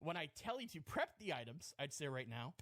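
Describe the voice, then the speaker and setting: A man's voice: on the high side, very animated, brisk, a bit bright, no echo. A man on a podcast telling a self-mocking comic story, rambling and breaking into laughter. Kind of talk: casual comedic storytelling.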